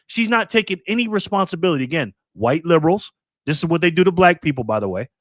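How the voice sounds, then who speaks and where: A man's voice: high-pitched, expressive, fast, no room sound, clean studio sound. Angry ranting man in his fifties. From New York State. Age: 50s. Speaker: livestream host. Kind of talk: live political commentary.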